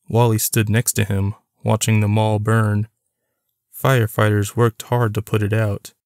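A man narrating a novel chapter in a plain, even storytelling manner. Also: on the low side, no room sound, studio quality. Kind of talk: audiobook reading of a novel.

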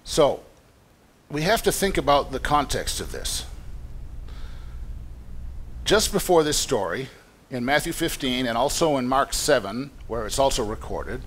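Male pastor, sermon, conversational explanatory manner, mid-range pitch, faint noise behind. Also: very animated, unhurried, long pauses, fairly bright tone. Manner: conversational, explanatory, with frequent restarts. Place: church meeting room.

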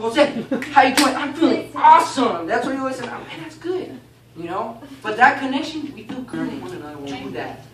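A man teaching a baptism class in a casual, animated way, often asking "okay?" and "you know?". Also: sits high. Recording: echoey room, mic far off, faint noise.

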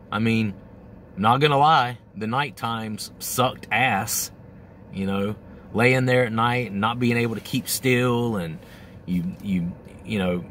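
Middle-aged male host, lowish voice, candid and profane, casual monologue, light background hiss. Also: a bit bright. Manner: candid, profane, acts out his own inner voice.

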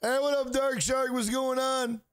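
A man's voice: extremely high pitch, fairly even intonation, unhurried, smooth, no echo, studio quality. A man streaming a video game, chatting casually with viewers in a profane, tired, drawling manner. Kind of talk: casual live-stream commentary.

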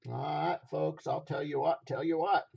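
A hoarse man running a live stream auction, repeating phrases as he hypes each item from a basement room. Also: on the high side, fairly even intonation, moderate pace, lo-fi sound.

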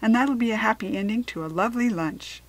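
A woman reading the lines of a middle-aged farmer father in a storybook, with a raised, hearty delivery and a breathy voice. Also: on the high side, quick pace, voice pushed up, natural voice.

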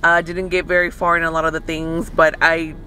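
A man's voice: on the high side, completely flat delivery, fairly quick, pushed and bright. A man casually reviewing a film from inside his parked car, rambling with many fillers. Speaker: movie review vlogger. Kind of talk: casual chat.

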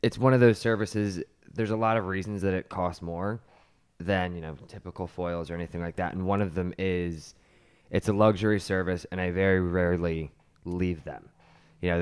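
A man with a low, deep voice talks through hair colour in a relaxed podcast chat. His tone is smooth and resonant. He explains each point patiently, like a teacher in a salon class. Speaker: hairstylist co-host and colour educator.

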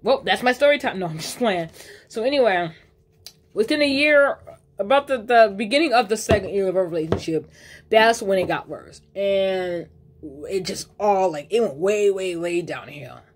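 A woman's voice: medium pitch, lively intonation, normal speed. A woman telling a personal story in a casual storytime vlog, rambling, cursing freely and correcting herself mid-sentence. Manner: rambling, profane, uses slang fillers; restarts and self-corrections.

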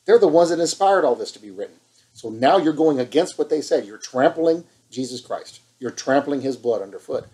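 Man, preacher, impassioned online sermon, scolding, emphatic repetition, medium pitch. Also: expressive, a little fast, dark tone, poor audio.

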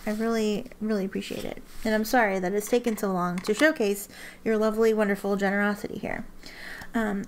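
A woman's voice: mid-range voice, vocal fry, a little hiss or hum. A woman chatting casually to camera in a rambling way, with many restarts and ums. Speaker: ink swatching vlogger.

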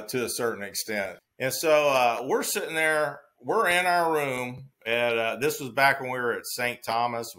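A man's voice: medium pitch, a bit bright. A man in his sixties with a Texas accent, telling a rambling anecdote as a guest, full of restarts and chuckles. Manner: rambling storyteller with restarts and laughter. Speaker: guest, former football player. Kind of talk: casual anecdote.

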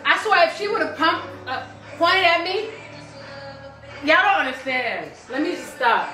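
Chatty woman host, bright voice, live reaction commentary; roomy echo, light music under. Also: very high voice, expressive, a little slow. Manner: chatty, exclamatory, sings along.

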